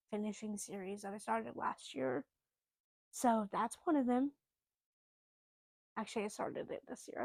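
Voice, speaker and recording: A young woman vlogger chatting casually about books, rambling and emphatic, now and then dropping to a soft whisper. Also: a little high, dry recording.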